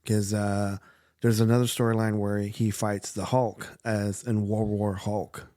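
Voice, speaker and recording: A man's voice: lowish voice, little pitch movement, unhurried, mellow, no echo, clean studio sound. A man co-hosting a podcast, casually recapping comic storylines with lots of fillers. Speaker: podcast co-host.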